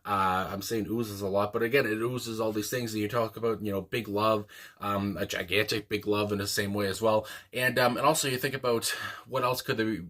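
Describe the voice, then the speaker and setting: Rambling young man with a bright, lowish voice. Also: fairly even intonation, fairly quick. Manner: rambling and enthusiastic, with frequent fillers. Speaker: music reaction channel host. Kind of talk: casual music reaction commentary.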